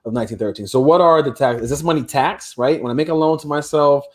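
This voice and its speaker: Fast-talking male podcast host. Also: on the high side. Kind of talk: podcast interview.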